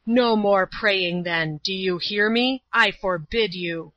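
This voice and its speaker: A woman doing a loud, drunken brute. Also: on the low side, fairly even intonation, dry recording, lo-fi sound, natural voice. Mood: gruff. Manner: loud, slow and bullying. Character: drunken, threatening brute of a man.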